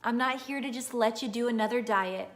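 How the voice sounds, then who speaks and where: Earnest motivational woman, slightly high voice. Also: fairly quick. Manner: earnest, emphatic, repeats phrases for emphasis. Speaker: nutritionist giving a pep talk. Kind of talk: motivational live-stream talk.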